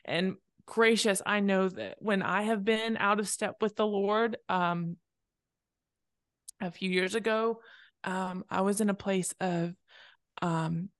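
A woman's voice: medium pitch, steady tone, slow, no room sound. A woman in her thirties speaks earnestly in a casual faith conversation, reflecting on a personal story. Her voice sits in a middle range and comes across dry and close, with no room sound. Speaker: podcast co-host.

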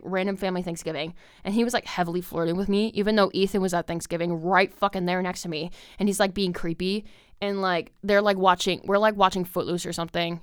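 A woman's voice: on the low side, a bit bright, clean tone, no room sound, studio quality. A young woman hosting a podcast, telling a long story in a rambling casual monologue, full of "like" and swearing. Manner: filler-heavy, swears a lot. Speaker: podcast host.

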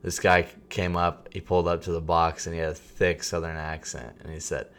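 A man's voice: low voice, flat delivery, a little fast, hardly any pauses, a bit bright, smooth. A young man chatting casually and telling jokey stories in a laid-back way. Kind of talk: casual chat.

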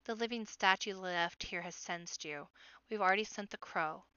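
A woman voicing a gaunt, haunted widowed lady rabbit who speaks quietly and shakily, as if near sobbing. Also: medium pitch, moderate pace, clear, resonant tone, no room sound, highs cut off, natural voice. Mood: hushed, broken.

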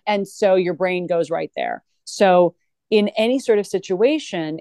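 A woman's voice: on the low side, no room sound. A woman guest talking earnestly in a conversational interview, with frequent restarts. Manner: earnest, animated, with many restarts.

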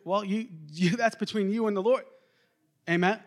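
High-voiced animated male pastor. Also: normal speed. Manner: animated, calls out to the congregation, chuckles often. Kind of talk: sermon.

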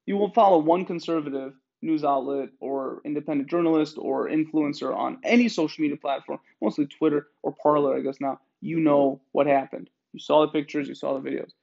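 A man's voice: a little high, fairly quick, creaky, few pauses, dull audio. Profane, rambling male podcast host. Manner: profane, animated, digressive. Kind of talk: rambling monologue.

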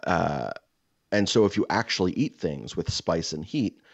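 Deep gravelly man, rambling storyteller. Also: a little slow, no room sound, dull audio. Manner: rambling, profane, animated storytelling. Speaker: podcast co-host. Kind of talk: casual chat, storytelling.

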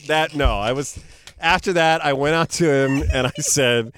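A middle-aged man telling a story in casual chat, animated and laughing often. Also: a little high, moderate pace, a little hiss or hum.

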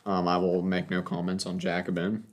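A man's voice: low-pitched, monotone, moderate pace. A young man chatting casually at home, rambling with lots of filler words. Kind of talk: casual chat. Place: home room with a cat. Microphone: desk mic.

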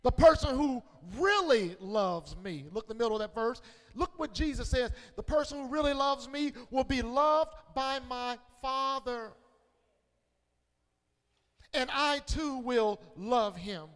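A man pastor preaches in a high, ringing voice, taking his time over each phrase. He leads the church in call-and-response and climbs into shouted exhortation. The sound carries a long hall reverb. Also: lively intonation, measured pace. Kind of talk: sermon. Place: church sanctuary.

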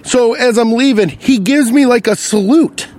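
A man's voice: very high-pitched, normal speed. A man hosting a podcast, fired up and telling a comedic story with lots of swearing while acting out the people in it. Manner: animated, profane, acts out the people in his story. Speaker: podcast host.

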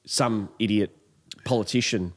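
A man's voice: fairly low pitch, unhurried, slightly rough. A man with an Australian accent, bantering casually and mockingly with a co-host, swearing freely. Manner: jokey, swears, mocks in put-on voices. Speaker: podcast co-host. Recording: roomy long reverb.

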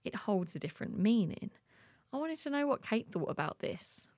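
A woman hosting a podcast, narrating a scripted intro and interviewing a guest in an expressive, playful way. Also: mid-range voice, moderate pace, dry recording, studio quality. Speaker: podcast host.

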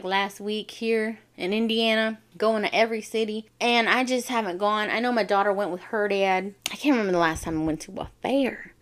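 A woman from the Navajo Nation, hosting a vlog and telling funny personal stories in a lively, slangy way. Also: mid-range voice. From Navajo Nation, US Southwest. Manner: animated, slangy, acts out quotes. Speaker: vlogger host. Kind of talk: casual comedic storytelling.

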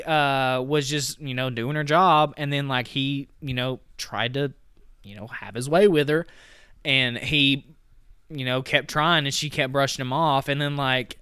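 A man's voice: fairly high pitch, sharp tone, clear, resonant tone, dry recording, studio quality. A man co-hosting a podcast, casually retelling a film's plot and filling his talk with "like" and "you know.". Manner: rambling, heavy on "like" and "you know". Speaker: podcast co-host. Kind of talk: casual movie recap.

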